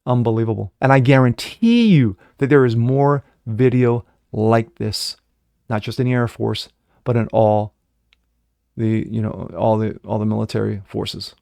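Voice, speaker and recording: A middle-aged man rants on his own commentary show, swearing often and jumping from sudden loud bursts to low, bitter mutters. His voice sits at a middling pitch, and he mimics the people he quotes in a sneering tone. The sound is close and dry, with no room echo. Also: unhurried, creaky. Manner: profane ranting, swings from shouting to muttering; mocking put-on voices when quoting others. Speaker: host. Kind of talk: angry political commentary.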